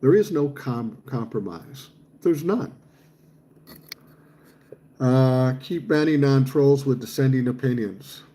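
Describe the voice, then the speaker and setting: A man's voice: mid-range voice, expressive, slow, pauses often, warm tone. A man in his sixties hosting a livestream, reading viewer comments aloud and answering them in a blunt, profane, fired-up way. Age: 60s. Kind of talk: casual chat.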